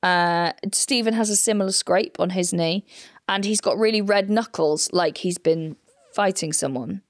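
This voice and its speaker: A woman comedian co-hosting a podcast, telling a crime story in a casual, animated way and swearing freely. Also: fairly low pitch, moderate pace, no room sound, clean studio sound. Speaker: comedian co-host retelling a true crime case.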